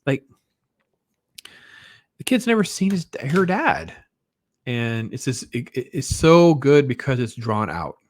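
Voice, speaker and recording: A man's voice: medium pitch, big pitch swings, slow pace, pauses often. A man giving a casual, enthusiastic film review, rambling with lots of fillers and restarts. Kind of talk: casual spoken movie review.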